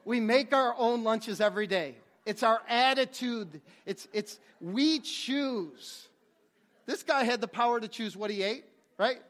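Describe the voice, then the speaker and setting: A man with a high voice preaches a sermon. He speaks earnestly and often repeats a word or two as he restarts his phrases. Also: measured pace, a bit bright. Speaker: pastor.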